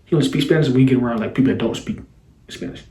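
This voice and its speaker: Man, casual storytime vlog, slangy talk, stumbles and repeats words, mid-pitched voice, echoey room. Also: very fast. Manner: slangy, repeats and restarts words, animated when excited. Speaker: vlogger. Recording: roomy echo.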